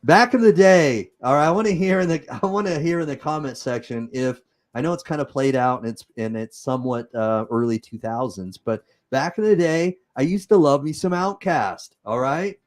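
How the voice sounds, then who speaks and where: A man's voice: on the high side, lively intonation, moderate pace. A man with a Utah accent hosting a livestream, chatting casually and improvising as he reads comments. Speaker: host.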